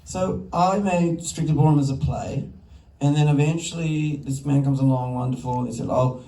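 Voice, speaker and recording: On a festival stage before a crowd, an Australian filmmaker tells lively, self-interrupting anecdotes in conversation. His pitch is fairly high and his pace moderate, and the recording comes from a far-off mic in a reverberant hall.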